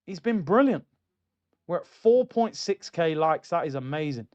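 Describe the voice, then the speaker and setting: A young man hosting a football watchalong livestream, chatty and excitable, reading out viewer comments. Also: fairly high pitch, normal speed, clear, resonant tone, highs cut off. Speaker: football streamer host.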